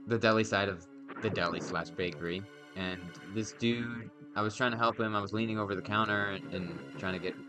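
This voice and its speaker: Young man, casual chat, rambling storyteller, swears a lot, loud game music behind. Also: lowish voice, fairly even intonation, brisk. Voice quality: rambling, profane storytelling with many fillers. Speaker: podcast co-host and let's-play player. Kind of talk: casual chat over gameplay.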